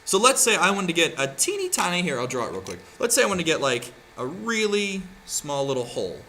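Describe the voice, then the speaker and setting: A man teaching a hands-on craft lesson with a bright, fairly high voice that rises and falls a lot. He talks casually to his students and keeps checking in with "right?". A faint hum of room noise sits under him. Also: huge pitch swings, fairly quick. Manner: chatty, keeps asking "right?". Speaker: art teacher. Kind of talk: classroom tutorial demonstration.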